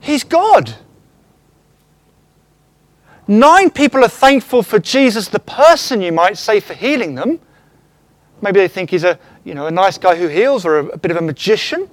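Animated, high-voiced male preacher. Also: moderate pace, no echo. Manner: animated, acts out quotes, asks the congregation questions. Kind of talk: sermon. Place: church.

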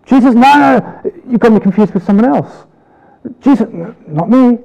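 A man voicing a boastful, then frightened apostle who swears loyalty and then denies it in high, pleading protests. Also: animated, moderate pace, vocal fry, warm tone, muffled recording, exaggerated voice. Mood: panicky denial.

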